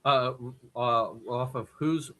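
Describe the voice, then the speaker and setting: A man chatting casually as a podcast guest, putting on a gruff dwarven brogue and swearing freely, with a raspy voice. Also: medium pitch, slow pace, a bit bright.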